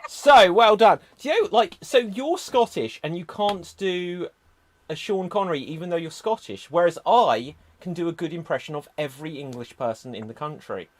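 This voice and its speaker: A man hosts an online improv show in a fairly high voice. He explains the games briskly and chats easily with the players. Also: animated, slight background noise. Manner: brisk, chatty game explanations.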